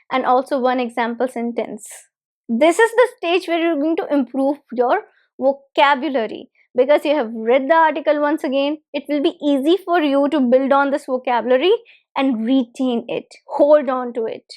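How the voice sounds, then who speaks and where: A woman with a high voice teaches an English-learning method step by step. She speaks patiently and gives direct instructions. She repeats her key points so they stick. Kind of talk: step-by-step spoken lesson.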